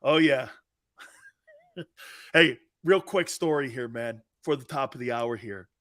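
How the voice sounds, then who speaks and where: Rowdy, laughing sports talk host. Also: male voice, mid-range voice, a little slow, no echo. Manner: loud, laughing, rowdy storyteller who swears. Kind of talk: animated sports talk storytelling.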